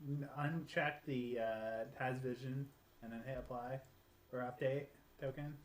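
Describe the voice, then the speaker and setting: A man, a player in a tabletop game, calmly giving step-by-step help with the software. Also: medium pitch, a little slow, reverberant, rough recording. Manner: calm, instructive tech help.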